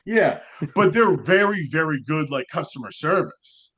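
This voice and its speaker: A man with a slightly raised pitch chatting on a podcast. He rambles and jumps between thoughts, leaning on "like" as he goes. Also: measured pace. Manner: rambling, animated, frequent "like" fillers. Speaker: podcast co-host. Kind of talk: casual podcast chat.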